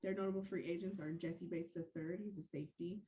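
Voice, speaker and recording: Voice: mid-range voice, steady tone, fast talker, warm tone. A podcast host running through team needs in a playful way, with joking asides between lists. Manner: playful, list-reading with asides. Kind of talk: casual sports podcast.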